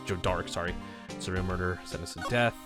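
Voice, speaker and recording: A man's voice: low voice, fairly quick. A man streaming a video game, reading text aloud with joking, swearing asides. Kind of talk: let's-play reading and commentary. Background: game music.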